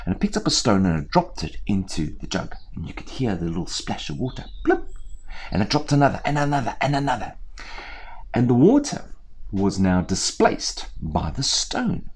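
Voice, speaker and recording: A man storyteller talking to viewers in a lively, chatty way with playful asides, indoors on a small theatre set. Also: low-pitched, normal speed, breathy edge.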